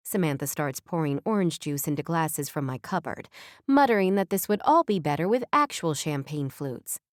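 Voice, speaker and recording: Woman reading an audiobook, even and clear, lowish voice, super dry close mic. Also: moderate pace, dry recording. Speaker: audiobook narrator. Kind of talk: scripted first-person narration.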